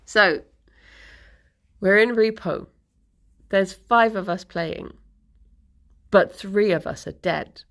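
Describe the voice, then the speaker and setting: A woman's voice: mid-range voice, slow pace, pauses often, fairly bright tone. A woman streamer casually telling a rambling story to her live chat, laughing often and correcting herself as she goes.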